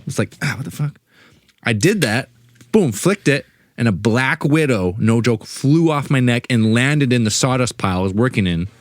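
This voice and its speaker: A man's voice: mid-range voice, animated, normal speed, no room sound. A man co-hosting a podcast, telling a rambling, laid-back story. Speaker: podcast co-host. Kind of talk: casual storytelling.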